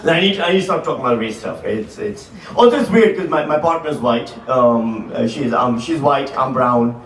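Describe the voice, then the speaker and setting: A man in his forties doing profane, animated stand-up comedy before a live audience. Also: medium pitch. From Pakistan. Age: 40s. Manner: animated, profane, quick asides to the crowd. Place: large hall, live audience. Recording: roomy live hall, mic from a distance, crowd laughter. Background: audience laughter.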